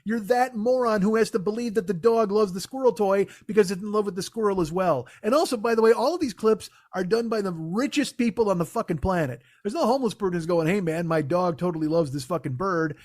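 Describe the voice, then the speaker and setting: A man's voice: sits high, fast talker, few pauses, a little mellow, no room sound, studio quality. A man hosting a comedy podcast, ranting in a profane, sarcastic, mocking way. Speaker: podcast host.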